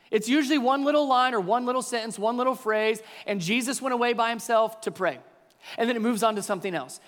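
A middle-aged man preaching a sermon, high in pitch and animated, acting out the voices he quotes. His voice carries a long hall reverb from the church sanctuary. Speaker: pastor.

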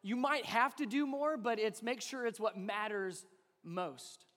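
A pastor in his thirties preaching a sermon, shifting between animated storytelling and soft, slow emphasis. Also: high voice. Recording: long hall reverb.

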